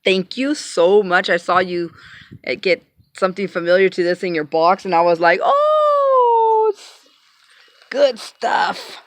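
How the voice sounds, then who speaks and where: A woman in a casual unboxing vlog, talking in a grateful, emotional way with many pauses, fillers and restarts. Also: on the low side, dry recording. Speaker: vlogger. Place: home, passing cars heard outside.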